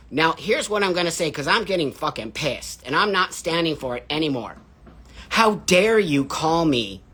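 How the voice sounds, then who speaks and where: A man's voice: sits high, fairly bright tone. A middle-aged man hosting a livestream, ranting in a heated, profane, confrontational way. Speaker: livestream host. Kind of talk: angry livestream rant.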